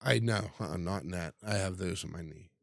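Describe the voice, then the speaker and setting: A man chatting as a podcast guest, telling stories in a laid-back way with halting restarts. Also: sits low, gravelly, a bit bright, no echo, clean studio sound. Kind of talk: casual chat.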